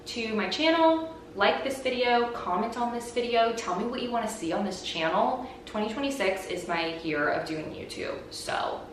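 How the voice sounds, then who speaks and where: Heard from a distance in a very echoey room with faint noise, a young vlogger and podcast host animatedly retells a story, peppering it with "like." Her fairly high voice keeps a moderate pace with few pauses.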